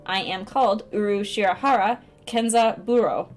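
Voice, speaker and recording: A woman's voice: medium pitch, moderate pace, soft background music, close to an everyday voice. A woman voicing a dignified, elegant male parakeet who owns a cafe, speaking formally and courteously in a dating sim.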